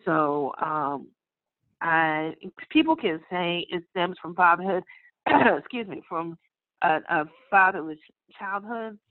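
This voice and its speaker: A woman speaking as a podcast guest in a frank, blunt and wry way, now and then clearing her throat. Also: on the low side, animated, takes it slowly, no echo. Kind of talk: candid conversation. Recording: tinny phone-line audio.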